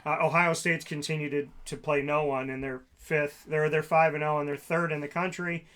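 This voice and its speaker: Sports talk co-host, man, sharp bright tone, slightly high pitch, sarcastic rants. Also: level tone, normal speed. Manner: sarcastic, ranting.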